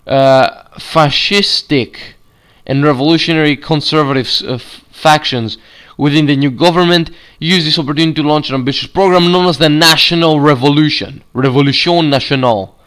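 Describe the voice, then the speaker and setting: A man's voice: a little high, fairly even intonation, fairly quick, few pauses, fairly bright tone, clear, resonant tone. Heated, profane man ranting on video. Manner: argumentative, profane, reads passages aloud with stumbles. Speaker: YouTube commentator. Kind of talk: heated political rant video.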